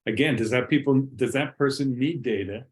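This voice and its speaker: A man co-hosts a casual podcast, and he speaks thoughtfully with some hesitation. His voice sits at a middle pitch. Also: brisk. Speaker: podcast co-host. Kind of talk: casual chat.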